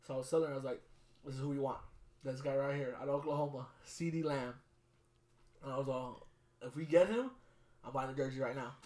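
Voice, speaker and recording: A man co-hosting a casual sports podcast, telling stories with a lot of swearing and loud bursts when he gets excited. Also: mid-range voice, fast, long pauses. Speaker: podcast co-host.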